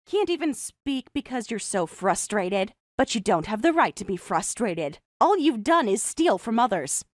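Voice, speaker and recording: A young woman voicing a calm, mocking designer who also narrates the story in first person. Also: fairly high pitch, no echo, studio quality. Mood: cold mocking. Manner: cool, mocking, measured.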